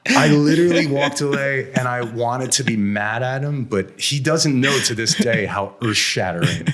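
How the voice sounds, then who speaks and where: A middle-aged American venture investor, appearing as an interview guest, tells candid stories about his career, blunt and self-deprecating, laughing often and swearing mildly. His medium-pitched voice is fairly bright, with lively intonation and a moderate pace.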